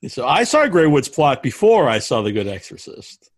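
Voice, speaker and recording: A man hosting a podcast, asking his questions haltingly, with many fillers. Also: mid-range voice, big pitch swings. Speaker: podcast host. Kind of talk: casual interview questions.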